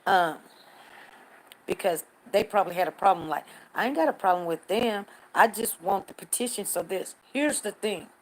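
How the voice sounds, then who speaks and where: On poor audio, an older woman with a mid-range voice talks animatedly at a moderate pace while running a casual news livestream. She reads viewers' comments and replies to each person by name.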